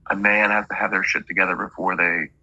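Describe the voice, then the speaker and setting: A man's voice: low voice, flat delivery, fast talker, bright, forceful tone, no room sound, muffled recording. A man working as a medium, relaying messages in a chatty reading and stringing quotes together with "he's like".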